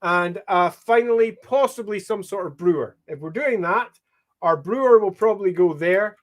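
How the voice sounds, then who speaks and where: A Scottish man with a noticeably high-pitched voice chats casually on a livestream. He thinks aloud as he goes, hesitating with frequent ums and pausing to welcome viewers by name. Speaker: livestream host. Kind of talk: casual livestream chat while mapping.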